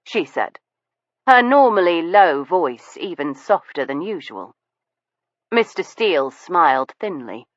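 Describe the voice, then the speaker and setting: Slow, low-voiced woman narrating an audiobook. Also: sing-song, no room sound. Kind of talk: scripted narration. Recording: dull lo-fi audiobook recording.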